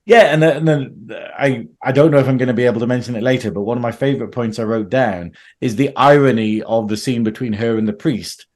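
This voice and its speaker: Male co-host, lively, swears freely, acts out quotes. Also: mid-range voice, fast talker, hardly any pauses. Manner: animated, swears, acts out quotes in silly voices. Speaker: podcast co-host. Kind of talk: casual chat.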